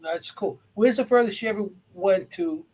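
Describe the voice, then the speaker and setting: A man co-hosting a talk show, joking and quick to laugh, with short back-and-forth replies. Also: high voice, a little mellow, husky. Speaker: co-host. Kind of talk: casual conversation.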